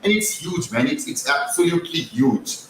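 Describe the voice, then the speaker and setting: Male host, cracked voice, rambling fan chat; high-pitched, far from mic in a very echoey room. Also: sing-song, moderate pace, slight background noise. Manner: rambling, repeats words, many fillers. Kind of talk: casual live football chat.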